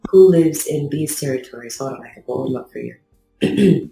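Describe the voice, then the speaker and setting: A woman's voice: sits low, normal speed, creaky, dark tone, reverberant, soft background music, rough recording. A woman co-hosting a podcast, talking casually with dry, self-deprecating wit. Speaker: podcast co-host.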